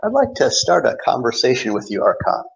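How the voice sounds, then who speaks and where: A man's voice: medium pitch, big pitch swings, brisk, vocal fry, slightly rough. A man playing in a tabletop game over voice chat, talking hesitantly with many restarts. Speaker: player. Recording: dull lo-fi online voice chat.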